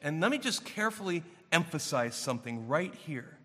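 A man preaching a sermon to his congregation, stressing key words and shifting between quiet and forceful passages. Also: sing-song, normal speed, big-room sound. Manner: emphatic, building to raised intensity then dropping low. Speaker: pastor.

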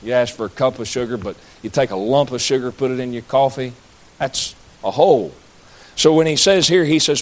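A man's voice: mid-range voice, fairly quick. A man preaching a sermon, folksy, with jokey asides to the congregation. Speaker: pastor.

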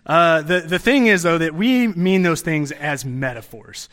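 A man's voice: a little high, lively intonation, measured pace, a bit bright. A young man giving a sermon in a conversational way, restarting phrases and adding asides as he teaches. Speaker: preacher.

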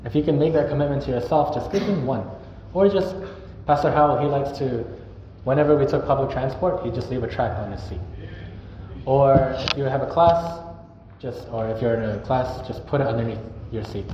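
A young man with a mid-range voice preaches a sermon at a normal pace, earnest and conversational, sometimes acting out example greetings. He's in a church hall, and the recording is echoey, dull and noisy.

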